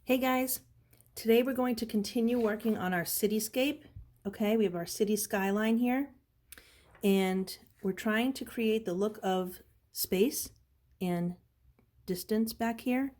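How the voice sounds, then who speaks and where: A woman teaching an art lesson on video, calmly explaining each step. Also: on the high side, measured pace.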